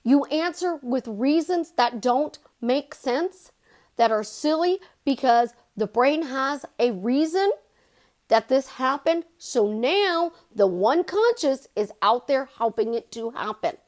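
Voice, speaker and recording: A middle-aged woman with a fairly high voice, talking straight to her viewers as a life coach. Her delivery is animated and chatty, and she jumps up in pitch to stress a point. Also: slow pace. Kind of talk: casual vlog monologue.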